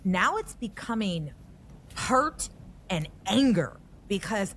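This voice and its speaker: A woman's voice: deep voice, unhurried, slight background noise. A woman hosting a podcast, talking candidly and with rising animation. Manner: animated, rising emotion as she tells the story. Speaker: podcast host. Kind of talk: candid conversational podcast talk.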